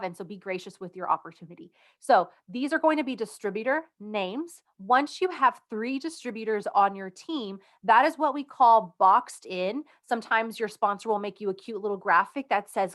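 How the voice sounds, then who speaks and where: A woman's voice: fairly high pitch, fairly bright tone. A woman speaking as a direct-sales team leader, explaining rank requirements in a casual instructional video, upbeat and conversational, leaning on key words.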